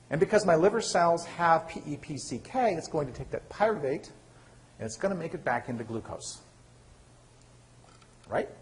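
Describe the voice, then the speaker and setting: A man giving a university lecture, lively and asking the class questions he then answers himself. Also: on the high side, a little hiss or hum. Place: lecture hall.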